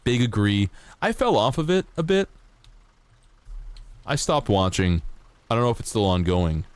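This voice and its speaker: A male streamer giving loose, joking gameplay commentary, cursing freely and reading on-screen text aloud. His pitch jumps all over as he riffs. The sound is dry and close to the mic. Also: normal speed, clear, resonant tone, dry recording. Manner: animated, swearing, joking, reads text aloud. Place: home streaming setup.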